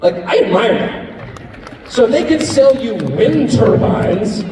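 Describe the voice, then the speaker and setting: A man's voice: high-pitched, expressive, slow. Sarcastic man speaking in an echoing hall. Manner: sarcastic, joking, mimics opponents. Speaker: speaker at a live event. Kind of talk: speech to a live audience. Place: large hall with audience. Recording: echoey hall recorded from far off with crowd noise. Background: crowd laughter and hall noise.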